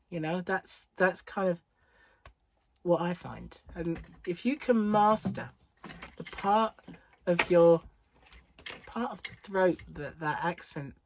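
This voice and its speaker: Speaking from home on an English island, this middle-aged crochet vlogger rambles through casual chat, laughing frequently. Her voice sits lowish, and there's a little hiss or hum.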